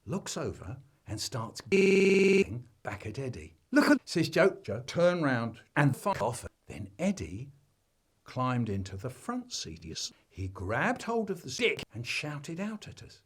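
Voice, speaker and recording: A man spins a comic family tale, his husky voice leaping all over the place in pitch. His telling is broad and theatrical, with sudden jumps between hushed asides and loud exclaims. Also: takes it slowly. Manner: animated storytelling with big swings in pitch and volume. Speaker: storyteller. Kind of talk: comic family storytelling, chopped into a remix.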